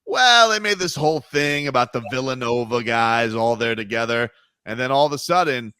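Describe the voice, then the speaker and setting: A man's voice: medium pitch, animated, normal speed, pushed and bright, clear, resonant tone, no echo, clean studio sound. A man hosting a sports radio show, teasing his co-hosts and joking in casual banter. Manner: playful, teasing, puts on goofy voices.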